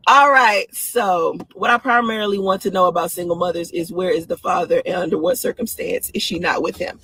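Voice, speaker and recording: A woman talking casually on a live stream, excitable and laughing often, her voice swooping up high. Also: moderate pace, breathy edge. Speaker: live-stream host giving dating opinions.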